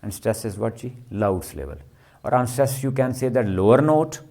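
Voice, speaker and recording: Man lecturing, mellow voice. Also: mid-range voice, animated, moderate pace. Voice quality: repetitive, question-and-answer teaching style. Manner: checks understanding with frequent "clear?" and "ji". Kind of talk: classroom lecture.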